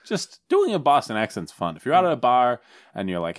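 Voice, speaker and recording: A man's voice: mid-range voice, wildly swooping pitch, a little fast. A young man in casual podcast chat, rambling with lots of filler words. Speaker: podcast co-host.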